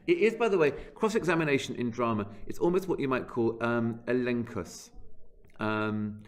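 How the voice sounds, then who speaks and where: Hesitant low-voiced male teacher. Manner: hesitant, many ums, reads quotations aloud. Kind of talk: lecture commentary on a play.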